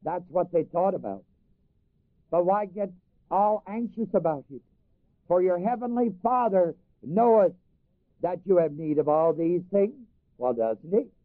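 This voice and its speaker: Male preacher, high voice, scripture reading, repeats for emphasis, dry phone-like sound. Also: animated, slow, pauses often, no echo. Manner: reads scripture in old King James wording, then explains it to the congregation; repeats phrases for emphasis and asks the audience to finish lines. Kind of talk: sermon.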